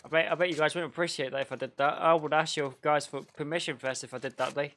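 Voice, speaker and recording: A man talks his way through a video game stream in a loose, chatty manner. His voice sits a bit high for a man, and he laughs easily and reacts loudly to surprises. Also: fast, slight background noise. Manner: excitable, chatty, laughs often, mild slang. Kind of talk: casual game-stream commentary.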